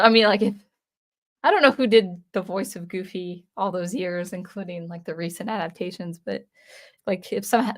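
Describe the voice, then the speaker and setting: Woman host, casual livestream chat, rambles with fillers. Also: lowish voice. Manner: rambling, with many fillers and restarts. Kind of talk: casual livestream chat reading viewer comments.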